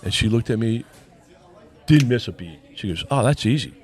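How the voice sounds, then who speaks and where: A man's voice: on the low side, animated, normal speed, breathy edge. A man co-hosting a casual chat, telling a personal story and acting out the dialogue. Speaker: podcast co-host.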